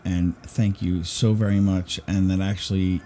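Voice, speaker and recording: A man's voice: sits low, level tone, moderate pace, mellow. A man hosting a casual livestream, thanking a viewer in an appreciative way. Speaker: livestream host.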